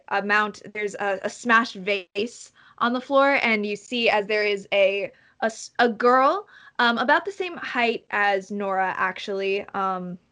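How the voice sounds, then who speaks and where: A woman's voice: medium pitch, fairly bright tone. A woman narrating as game master of a tabletop game, descriptive and hesitant, with many fillers.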